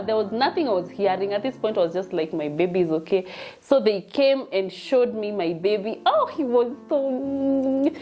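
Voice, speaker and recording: Chatty Kenyan woman, mellow voice. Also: mid-range voice. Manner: mixes English and Swahili, chatty and emotional. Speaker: vlogger telling her birth story. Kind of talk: casual personal storytelling.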